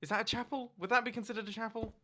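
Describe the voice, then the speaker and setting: A man's voice: high voice, fairly even intonation, very fast, bright, forceful tone. A young English man rambling and laughing in a casual chat while playing a game. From England. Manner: giggly, rambling, self-deprecating. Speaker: Minecraft YouTuber.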